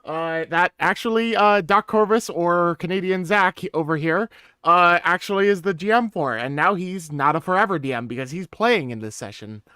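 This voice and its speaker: A man introducing a tabletop role-play session as game master, joking and loose, with quick asides. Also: high voice, pushed and bright, clear, resonant tone, dry recording, clean studio sound. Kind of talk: casual game intro chat.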